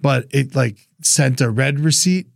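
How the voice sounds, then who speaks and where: A man's voice: medium pitch, measured pace, gravelly, dry recording, studio quality. A man co-hosting a podcast, telling a story in a rambling casual way with many restarts. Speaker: podcast co-host. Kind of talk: casual chat.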